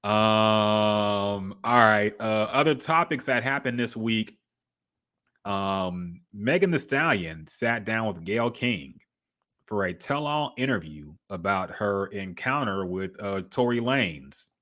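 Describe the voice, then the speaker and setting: A man's voice: fairly low pitch, expressive, slow, fairly bright tone. A man co-hosting a podcast in casual chat, laid-back and profane, trailing off with fillers. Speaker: podcast co-host.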